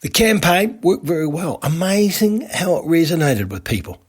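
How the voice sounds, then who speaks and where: A man's voice: a little high, very animated, normal speed, slightly rough. A man with an Australian accent telling a rambling, casual anecdote about making a radio ad. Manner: rambling, with many restarts and asides. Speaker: radio advertising creator.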